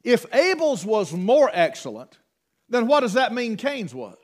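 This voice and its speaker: Man preaching, homespun storyteller, rather high voice, middle-aged. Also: big pitch swings, unhurried. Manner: folksy storytelling with rural dialect. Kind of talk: sermon.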